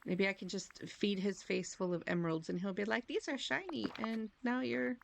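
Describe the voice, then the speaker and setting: A woman streamer chats loosely with her viewers while she plays, rambling and laughing at herself. Her voice sits at a middle pitch with a gravelly fry running through it, and a faint hiss lies underneath. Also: moderate pace. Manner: giggly, rambling, self-deprecating. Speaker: game streamer. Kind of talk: casual live-stream chat.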